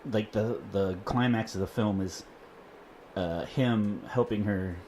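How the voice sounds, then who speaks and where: A man's voice: slow, slight background noise. A man co-hosting a podcast at home, talking casually and laughing often. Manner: animated, laughs often, quotes lines in a higher voice. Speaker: podcast co-host. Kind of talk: casual chat.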